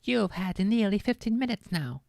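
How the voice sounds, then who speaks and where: A woman's voice: medium pitch, lively intonation, moderate pace, vocal fry, mellow, no room sound, clean studio sound, pitched above the performer's own voice. A woman playing a sniffy, firm school nurse. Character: fussy, strict middle-aged school nurse woman. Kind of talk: audiobook-style read-aloud on stream.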